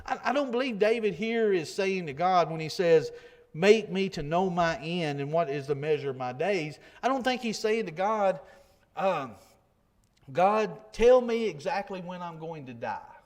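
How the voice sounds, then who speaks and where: A man's voice: high voice, animated, moderate pace. A man preaching a sermon in a conversational way, often repeating himself and asking rhetorical questions.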